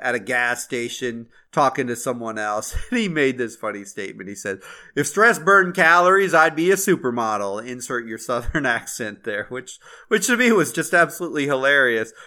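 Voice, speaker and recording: Bright-voiced man hosting a reflective podcast. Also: medium pitch. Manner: earnest, conversational, with fillers and restarts. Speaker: podcast host.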